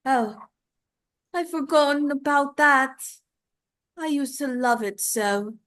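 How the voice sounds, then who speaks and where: A woman's voice: high voice, fairly bright tone. A woman playing a grieving young ghost. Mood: grieving, wistful. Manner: tender, pleading, halting delivery. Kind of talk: dramatic monologue reading.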